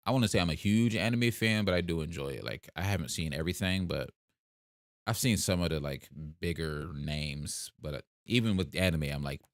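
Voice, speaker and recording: A man's voice: low-pitched, a bit bright, dry recording, clean studio sound. A young man from South Jersey with a South Jersey accent, hosting a laid-back livestream and chatting casually as he answers comments. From South Jersey, USA. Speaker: livestream host. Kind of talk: casual live-stream chat reading comments.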